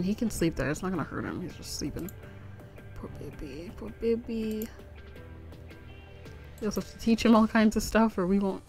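A young woman gaming YouTuber with a mid-range, slightly mellow voice gives casual, rambling let's-play commentary on a life-simulation game. She giggles and coos at the pets while faint music plays in the background.

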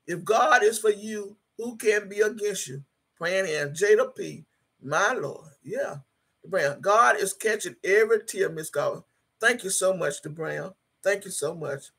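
Speaking unhurriedly in a mid-range voice that's a bit bright but gravelly and husky with a rough edge, a YouTube streamer reads her audience's comments aloud. She's blunt, curses freely and shifts into prayer during the casual stream.

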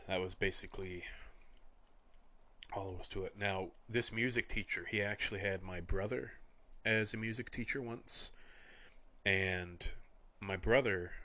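A young man from Canada hosting a podcast, telling wry, rambling anecdotes in a deadpan way. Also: deep voice. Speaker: podcast host. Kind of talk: casual storytelling.

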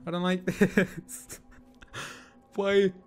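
A man's voice: high-pitched, little pitch movement, extremely slow, soft background music. A young man nervously narrating his own horror game playthrough, talking to himself and asking the same questions again and again. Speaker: gaming YouTuber. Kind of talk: horror game let's play commentary.

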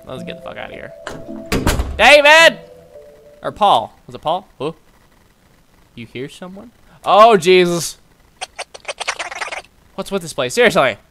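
A man's voice: on the high side, expressive, a little slow, pauses often, fairly bright tone, faint music behind. A young man playing a horror game and joking his way through it, reading the dialogue aloud and swearing. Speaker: gaming YouTuber. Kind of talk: let's play commentary.

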